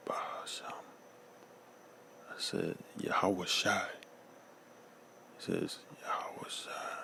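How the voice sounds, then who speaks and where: A man's voice: sits low, creaky, a bit bright, slight background noise. A man giving a casual personal testimony, slangy and loose, often saying "man" and "you know.".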